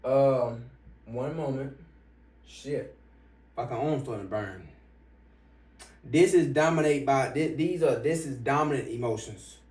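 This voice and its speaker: A man giving a motivational money-mindset talk as an online business coach, swearing freely and punching key points louder. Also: medium pitch, a little slow, long pauses. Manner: profane, emphatic, bursts louder on key points. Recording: roomy, from some distance.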